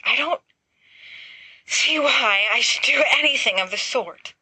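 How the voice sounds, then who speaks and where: A woman's voice: fairly high pitch, slow pace, pushed and bright, slightly rough, dry recording, pitched above the performer's own voice, full character voice. Woman doing flustered teenage boy wizard, panting, indignant, storybook reading, dry sound.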